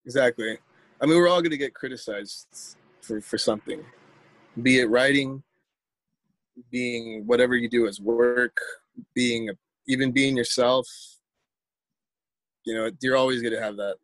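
A man's voice: mid-range voice, a little slow, pauses often, a bit bright, dry recording. A man, a poet telling a story in a casual interview, rambling and repeating words as he acts out quotes.

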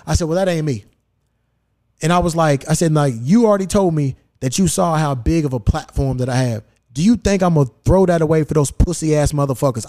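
A man hosting a podcast, telling a story in casual, profane chat and acting out the dialogue. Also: on the high side. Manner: profane, animated, acts out quoted dialogue. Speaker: podcast host. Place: podcast studio.

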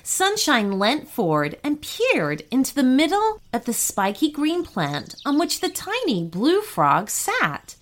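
A woman reads a children's story at an unhurried pace. Her voice lilts up and down expressively, and she keeps it gentle and clear. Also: on the high side.

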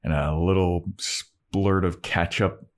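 A man with a low, deep voice recaps a TV episode on a podcast, chatting loosely with a friend. He keeps slipping into quick exaggerated impressions of the characters and swears offhandedly. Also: steady tone. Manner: retells scenes doing quick character voices, swears casually. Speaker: podcast co-host. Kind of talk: casual recap chat.

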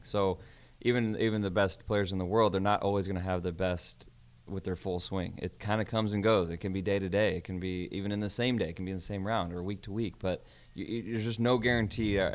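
A man's voice: low-pitched, steady tone, brisk. A man who is a professional golfer, talking earnestly as a guest in a casual chat, often restarting his sentences.

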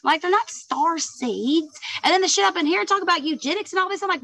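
A woman's voice: sits high, brisk. A woman with a Southern accent, a podcast guest in casual chat, sassy, swearing freely and calling everyone honey and girl. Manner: swears freely, animated storytelling.

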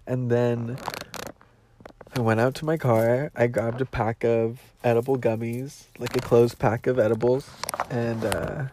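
A man's voice: mid-range voice, dark tone, a little hiss or hum. A young man hosting his podcast, telling a personal story in a casual, emotional and profane way while out on a walk. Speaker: podcast host. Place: outdoors on a walk.

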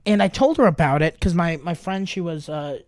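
A man's voice: a little high, brisk, no echo. A man who grew up in Germany, a comedian telling stories in casual podcast chat, acting out the people he quotes. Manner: animated storytelling with quoted voices.

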